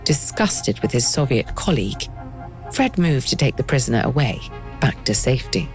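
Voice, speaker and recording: Woman, podcast host, scripted narration, very low voice, measured, wry. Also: sing-song, faint music behind.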